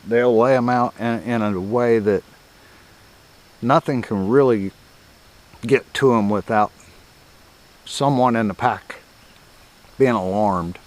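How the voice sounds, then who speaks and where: A man's voice: mid-range voice, takes it slowly, long pauses. An older man, teaching coyote calling in a folksy, rambling, chuckling way. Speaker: coyote hunting instructor. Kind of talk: casual outdoor teaching.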